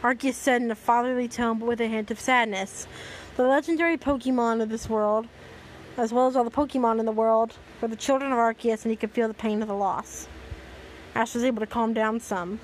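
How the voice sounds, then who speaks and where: A woman's voice: fairly high pitch, steady tone, moderate pace, a little hiss or hum, rough recording. Sarcastic woman reading a story aloud. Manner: dry, sarcastic asides. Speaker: host reading fan fiction aloud. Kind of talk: dramatic reading with sarcastic commentary.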